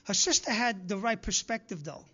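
A man's voice: high-pitched, animated, normal speed, bright, forceful tone, lo-fi sound. A man preaching a sermon to his congregation, earnestly urging them again and again and acting out the people he quotes. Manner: earnest, repetitive exhortation with acted-out quotes.

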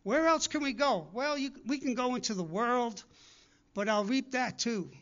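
High-voiced preacher, lo-fi sermon. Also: male voice, normal speed, a bit bright. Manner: earnest, repetitive exhortation with acted-out quotes.

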